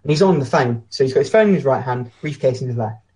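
A man's voice: medium pitch, animated, fast, a little mellow. A British man co-hosting a casual podcast chat, blunt and opinionated, telling anecdotes. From Britain. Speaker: podcast co-host.

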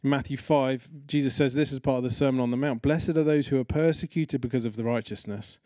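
Speaking quickly at a medium pitch, a man preaches a sermon like he's telling a story in conversation, animatedly acting out the people he mentions. There's no room sound at all.

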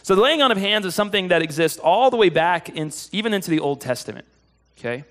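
Male preacher, fairly high voice, casual storytelling sermon delivery, lively when excited. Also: fast. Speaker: pastor.

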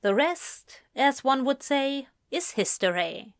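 A woman narrating a romance story in a calm, measured way. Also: mid-range voice. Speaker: audiobook narrator. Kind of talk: scripted narration.

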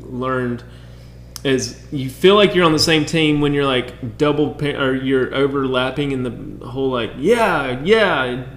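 A man's voice: mid-range voice, moderate pace, hardly any pauses, reverberant, a little hiss or hum. A man co-hosting a casual talk about parenting with his wife, rambling with many restarts and quoted asides. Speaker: podcast co-host. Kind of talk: casual chat.

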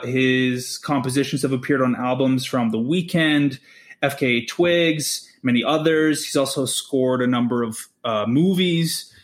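Rambling man with many ums. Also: mid-range voice. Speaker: podcast co-host. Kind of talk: casual podcast chat.

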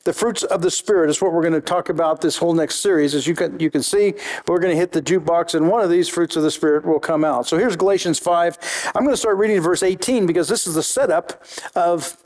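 A man with a high voice delivers a sermon in a relaxed, conversational way. He restarts phrases often and draws out important words slowly. When reading scripture he falls into a steady, list-like rhythm. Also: rough recording. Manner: conversational preaching with frequent restarts and slow emphatic phrases; reads scripture aloud in a steady list-like cadence. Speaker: pastor.

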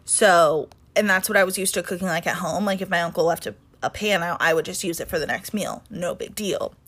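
A woman's voice: fairly low pitch, a little fast, a bit bright, husky. A woman in her twenties co-hosting a podcast, chatting casually, full of "like" fillers and the odd swear word. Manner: chatty, swears freely, frequent "like". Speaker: podcast co-host. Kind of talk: casual chat.

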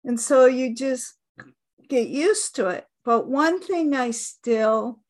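A woman in her fifties hosting a podcast, telling a heartfelt personal story in an unhurried, reminiscing way. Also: sits high. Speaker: podcast host. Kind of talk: conversational storytelling.

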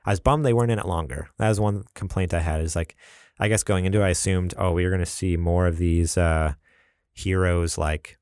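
Deep-voiced man chatting animatedly. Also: clean tone, dry recording, clean studio sound. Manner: animated, acts out movie scenes with quick quoted voices and laughs. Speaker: podcast co-host. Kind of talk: casual chat.

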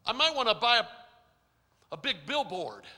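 Emphatic male preacher with a high, piercing bright voice, in a hall with long reverb. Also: very animated, normal speed. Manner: emphatic, dramatic shifts in loudness. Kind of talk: storytelling sermon.

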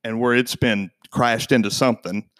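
A man, a podcast guest in his thirties, telling a long story in casual chat and acting out the other people's voices with big jumps in pitch. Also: fairly even intonation, moderate pace, a bit bright, dry recording, clean studio sound.

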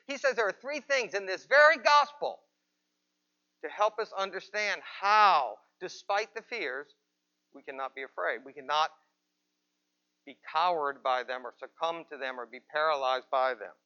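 High, bright-voiced man preaching. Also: dull audio. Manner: conversational preaching with rhetorical questions. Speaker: pastor. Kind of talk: sermon. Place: church, with people present and some watching remotely.

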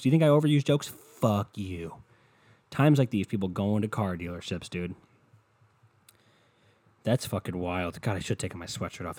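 Profane ranting man with a lively voice. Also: on the low side, slightly rough, no echo. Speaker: podcast host. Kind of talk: solo rant podcast. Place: hot indoor room.

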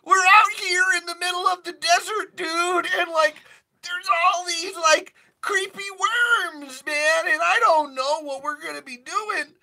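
A streamer doing a high, cracking impression of a panicky stoner young man from a cartoon, drawling "like, man" between words. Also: measured pace, vocal fry, bright, forceful tone, exaggerated voice, poor audio. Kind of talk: livestream character impression.

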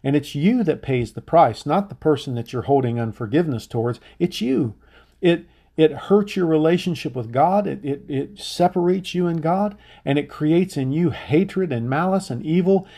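A middle-aged man preaches a sermon as a pastor, earnest and insistent, often stumbling into restarts. His voice is gravelly and has a fry to it. The tone is dark and mellow. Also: on the high side, expressive, moderate pace.

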